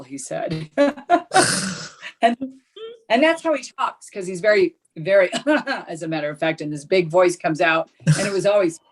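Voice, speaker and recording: A woman's voice: fairly low pitch, normal speed. A middle-aged woman, a guest on a casual video-call chat show, telling stories in a chatty way with frequent laughs. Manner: chatty storyteller, laughs often.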